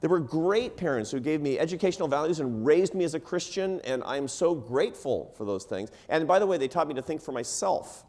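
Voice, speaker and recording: On stage in an event hall, a middle-aged American man serving as a panelist tells a story to a live audience, with laughs and self-deprecating asides. His voice is fairly high and a little mellow, and he speaks a bit fast and animatedly, hardly pausing.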